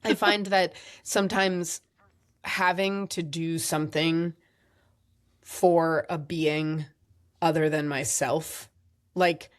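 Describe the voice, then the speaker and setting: A woman co-hosting a podcast in casual chat, chatty and quick to laugh. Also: deep voice, fairly even intonation. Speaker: podcast co-host.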